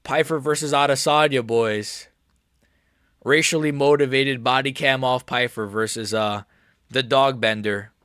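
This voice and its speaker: A young male streamer talking in a loose, rambling way, jumpy with nerves and hype. His voice sits at a middle pitch, and the sound is dry and close with no echo. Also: measured pace, smooth. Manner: excitable, rambling, keeps saying he's nervous. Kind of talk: live watch-along chat.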